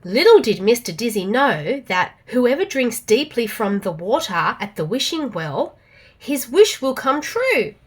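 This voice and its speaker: Aussie mum storyteller for kids, lively and rather high voice. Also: female voice, a little slow, breathy edge. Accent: Australian. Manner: expressive, animated reading. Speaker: children's storyteller. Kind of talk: storybook read-aloud for children.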